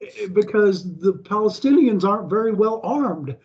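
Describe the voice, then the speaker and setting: An American man with a notably high voice chats casually. He rambles, stopping and restarting his sentences as he works out what to say. The sound is muffled and lo-fi. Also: animated, moderate pace, darkish tone. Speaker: co-host. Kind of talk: casual chat. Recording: dull lo-fi audio.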